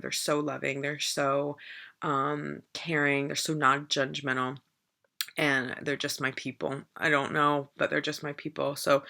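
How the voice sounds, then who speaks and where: A woman's voice: low-pitched, creaky, sharp tone. A woman in her thirties chatting to camera in a rambling, enthusiastic way. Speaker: vlogger. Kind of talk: casual chat to camera.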